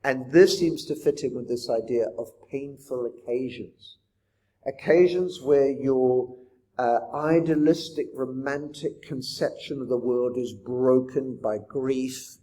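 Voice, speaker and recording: A man's voice: medium pitch, a little slow, dark tone. A man teaching a poetry lesson in a reflective manner, often putting rhetorical questions to his listeners. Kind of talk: poetry lecture.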